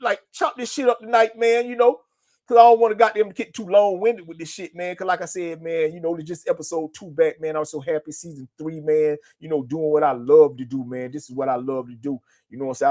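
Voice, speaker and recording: A man hosting his own show, talking in a laid-back, repetitive way, with "man" at the end of nearly every line. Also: a little high. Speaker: show host. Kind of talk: casual motivational monologue.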